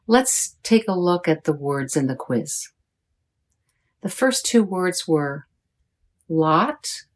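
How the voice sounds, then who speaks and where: American lady teaching pronunciation, low voice, talks real slow, says each sound carefully. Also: dark tone. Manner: deliberate, modeling sounds for learners.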